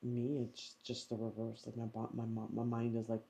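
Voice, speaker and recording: A woman's voice: a bass voice, monotone, brisk, dark tone. A woman vlogger chatting casually at home, rambling through a story with lots of fillers. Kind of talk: casual vlog chat.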